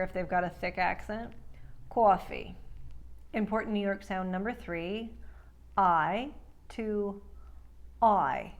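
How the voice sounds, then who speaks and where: A woman speech coach teaching accent sounds, carefully demonstrating each vowel. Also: mid-range voice. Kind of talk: accent tutorial.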